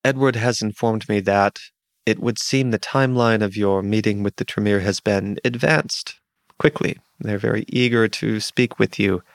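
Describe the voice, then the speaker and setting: A man's voice: on the low side, steady tone, moderate pace, vocal fry, no echo, clean studio sound. A man voicing a precise, formal older male butler in a tabletop game, speaking deferentially.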